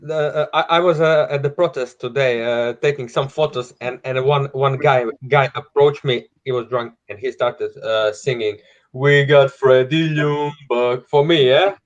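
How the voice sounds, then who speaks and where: A man's voice: mid-range voice, normal speed, hardly any pauses, dull audio. A man on a call to a live stream, telling a story hesitantly with many fillers. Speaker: guest on stream. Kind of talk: casual chat over a call.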